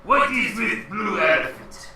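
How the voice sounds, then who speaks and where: A man voicing a dim-witted male three-headed giant who speaks in rough, broken phrases. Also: high voice, big pitch swings, unhurried, bright, forceful tone, voice pushed up, heavily acted. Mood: puzzled. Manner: rough, broken speech, bellowing. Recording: echoey room, distant mic, faint noise.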